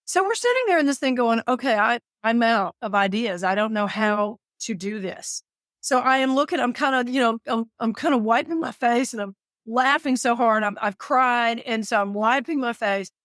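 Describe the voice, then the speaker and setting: A woman from the southern United States, a caregiver and author, telling a story as an interview guest in an animated, dramatic way, quoting herself with sudden high voices. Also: normal speed, no room sound, studio quality.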